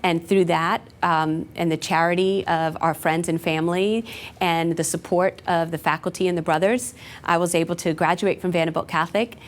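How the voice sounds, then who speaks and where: A woman's voice: fairly low pitch, steady tone, normal speed. A woman in her forties, a school principal, answering interview questions in an earnest, reflective way with frequent fillers. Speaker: new high school principal.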